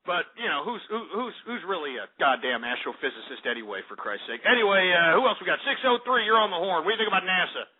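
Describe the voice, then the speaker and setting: A man's voice: high voice, expressive, fast, hardly any pauses. A man hosting a call-in radio show, ranting angrily and swearing at callers. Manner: angry, profane, heckles callers. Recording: tinny phone-like radio audio.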